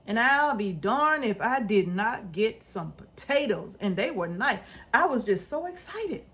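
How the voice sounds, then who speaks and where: Earnest, higher-voiced woman homesteader. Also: sing-song, a little slow, a bit bright. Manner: earnest, repeats points with tag questions; informal, folksy speech. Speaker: homestead vlogger. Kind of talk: casual advice to viewers.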